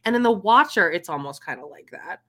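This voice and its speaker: Lively, bright-voiced woman podcast co-host. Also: on the low side, brisk. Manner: animated, laughing, trailing off mid-sentence. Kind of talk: casual chat.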